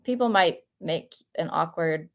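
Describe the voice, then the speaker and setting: A woman's voice: on the low side, unhurried. A young American woman with a light Southern accent, chatting casually and laughing often as she answers viewer questions on a livestream. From United States. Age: young adult.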